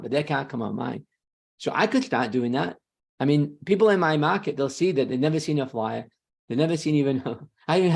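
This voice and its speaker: A man who is a real estate sales trainer, talking as a webinar guest in a confident, emphatic way with quick self-corrections. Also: a little high, gravelly, a little mellow, husky.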